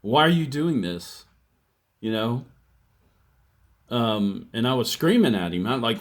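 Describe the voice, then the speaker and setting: An older man in his sixties tells his life story at an unhurried, deliberate pace. His speech is plainspoken, and he acts out what people said to him along the way. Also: mid-range voice, sing-song. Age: 60s. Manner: plainspoken, slow storytelling with re-enacted quotes. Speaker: testimony speaker. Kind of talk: personal testimony, storytelling.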